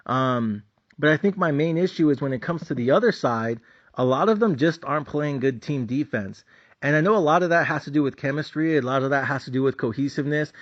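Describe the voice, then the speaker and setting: A man giving a blunt, profane, casual rant about basketball as a channel host. His voice sits a bit high, and the recording is dull and lo-fi. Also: a little fast. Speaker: sports betting channel host. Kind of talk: casual ranting commentary. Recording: dull lo-fi sound.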